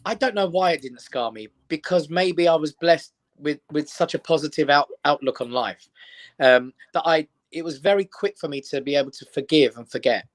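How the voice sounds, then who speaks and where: His pitch fairly high and his speed normal, an English comedian in middle age shares animated stories as a guest in casual chat. Quoted voices get acted out as he brings the characters to life.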